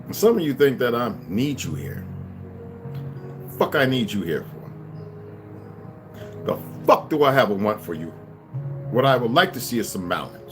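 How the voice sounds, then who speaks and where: A man's voice: mid-range voice, big pitch swings, normal speed, pauses often, over music. Profane rambling man in his fifties. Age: 50s. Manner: profane, blunt, stream-of-consciousness; repeats filler words, restarts. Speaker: livestreamer. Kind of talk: rambling livestream monologue.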